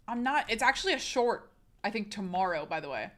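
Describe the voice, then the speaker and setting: A woman's voice: on the high side, animated, quick pace. A woman streamer, sick, talking frankly and casually straight to her live chat.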